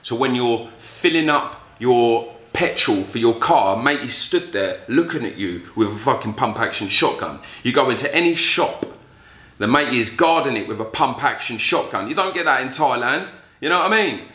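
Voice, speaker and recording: A man's voice: medium pitch, expressive, normal speed, pushed and bright. Profane man telling a story. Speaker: vlogger. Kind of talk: storytelling vlog. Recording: roomy echo.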